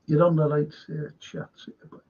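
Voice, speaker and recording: A man's voice: on the high side, completely flat delivery, brisk, gravelly, mellow. A middle-aged man hosting a casual live stream, reading viewer comments aloud with a chuckle and the odd swear. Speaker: podcast host reading live chat. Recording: dull lo-fi stream audio.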